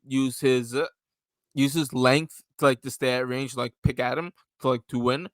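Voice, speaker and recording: A man's voice: mid-range voice, fairly even intonation, normal speed, dry recording. A young man co-hosting a casual sports podcast, rambling through his picks with lots of fillers. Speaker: podcast co-host.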